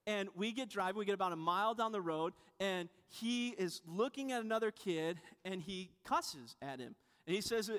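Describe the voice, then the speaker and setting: A man's voice: high-pitched, a bit bright. A man preaching a sermon in a conversational, storytelling way, often restarting and adding asides. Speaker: pastor. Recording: long hall reverb.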